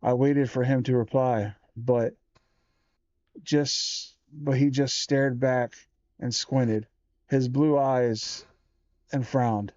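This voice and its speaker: A man reading a children's horror book aloud, slow and measured with small self-corrections. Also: medium pitch, steady tone, darkish tone, dry recording, dull audio.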